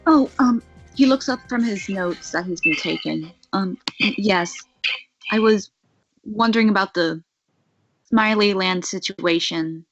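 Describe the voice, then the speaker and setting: A woman's voice: medium pitch, unhurried. A woman taking part as a player in a tabletop role-play, speaking hesitantly with many fillers. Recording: muffled lo-fi audio with faint music.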